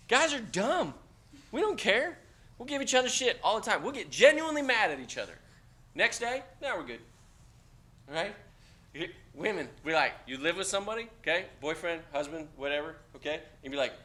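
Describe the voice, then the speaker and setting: Man, college instructor, blunt, joking, bright tone, classroom lecture. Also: sits high, moderate pace, pauses often. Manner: blunt, joking, animated with sudden loud outbursts.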